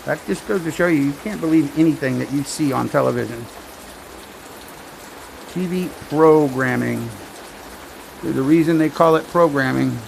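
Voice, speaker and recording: A man with a heavily gravelly voice tells rambling jokes with dry asides on a casual stream. His pitch sits in the middle, and faint rain comes in behind him outdoors. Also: normal speed, pauses often, slight background noise, rough recording. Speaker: storm-watching vlogger. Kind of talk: casual joke-telling livestream.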